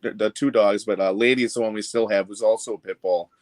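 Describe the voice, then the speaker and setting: A man's voice: lowish voice, fairly even intonation, quick pace, no echo. Rambling man, dry close sound. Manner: rambling, with many restarts and filler words. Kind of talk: casual chat.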